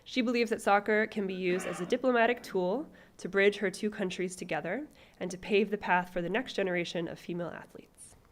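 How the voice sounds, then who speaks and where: A woman's voice: medium pitch, fairly even intonation. Woman moderator introducing panelists. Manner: measured, with small restarts and fillers. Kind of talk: reading speaker introductions at a panel event.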